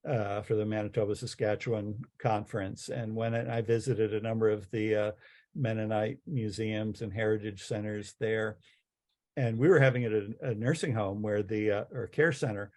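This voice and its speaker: Halting, earnest male chaplain lecturing. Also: medium pitch, a little mellow. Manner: halting, many fillers and restarts. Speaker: chaplain and teacher. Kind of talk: passionate lecture.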